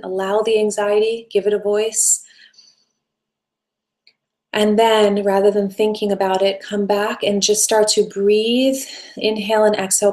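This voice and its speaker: A woman hosting a live self-help session, answering viewer questions in a gentle, coaching way with long flowing sentences. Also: medium pitch. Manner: gentle, coaching, speaks in flowing run-on phrases.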